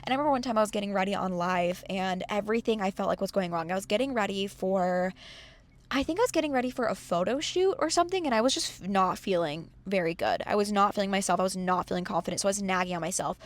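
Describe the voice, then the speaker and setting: A woman's voice: mid-range voice, lively intonation, fast talker, dry recording. A young woman in a casual, earnest motivational talk, acting out her own complaining thoughts. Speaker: host of self-help channel.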